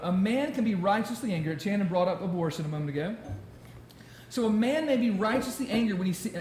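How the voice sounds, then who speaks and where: A man preaching a sermon to a congregation, animated and conversational, often repeating words as he goes. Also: high-pitched, slight background noise. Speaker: pastor. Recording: roomy hall sound.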